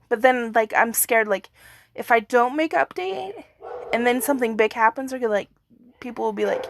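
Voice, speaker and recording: A woman's voice: on the high side, moderate pace, gravelly, slight background noise. A woman giving a casual, rambling video update as an earthquake forecaster, with many fillers.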